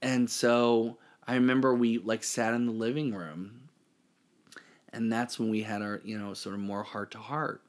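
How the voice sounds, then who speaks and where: A man's voice: on the low side, level tone, a little slow. A man talking casually as a podcast guest, self-deprecating and chatty, his sentences trailing off. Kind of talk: casual interview.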